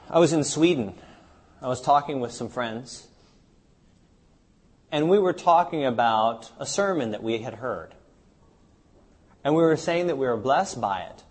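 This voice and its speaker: A man's voice: mid-range voice, husky. A man preaching a sermon at a seminar, asking his audience many rhetorical questions. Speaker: seminar speaker. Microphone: live seminar recording.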